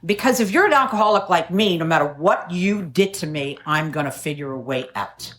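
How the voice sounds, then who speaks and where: A woman's voice: fairly low pitch, expressive, brisk, a bit bright. A middle-aged woman from New City, giving a wry, self-mocking share at a recovery meeting and laughing often. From New York City. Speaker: AA speaker.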